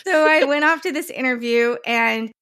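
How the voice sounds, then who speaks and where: A woman's voice: high-pitched, normal speed, a bit bright. Chatty self-mocking woman from the Midwest. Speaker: podcast guest. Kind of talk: casual storytelling.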